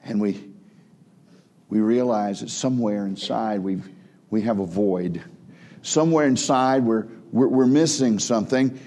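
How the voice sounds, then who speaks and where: Mellow-voiced male preacher with hushed drops. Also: unhurried. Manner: swings between emphatic raised passages and hushed low drops; frequent word repeats and restarts. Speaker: pastor. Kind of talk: sermon.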